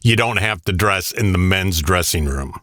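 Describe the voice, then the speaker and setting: A man's voice: sits low, expressive, normal speed, a bit bright, no room sound, studio quality. A man co-hosting a radio show, chiming in with short, teasing questions in casual chat. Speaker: radio co-host.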